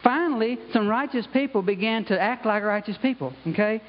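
A man's voice: high-pitched, a little fast. A man preaching a conversational sermon as pastor in a church, often asking "you know?" and "okay?". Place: church sanctuary. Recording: dull sound with long hall reverb.

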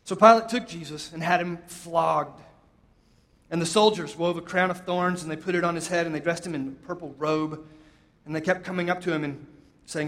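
A man with a fairly high voice preaches a sermon, retelling a scripture story. He lifts his voice for quoted lines and drops it soft for emphasis, with deliberate pauses.

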